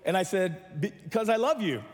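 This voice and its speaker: A man's voice: high-pitched, expressive, moderate pace, in a large hall. A man preaching a sermon as pastor, mixing humor with calls for the church to respond.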